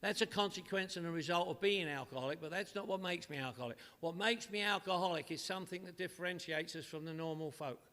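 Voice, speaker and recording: A man's voice: sits high, fast, few pauses, sharp tone. An older man giving a humorous recovery talk to a live audience in a meeting hall, telling stories in a punchy, wisecracking way. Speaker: AA speaker.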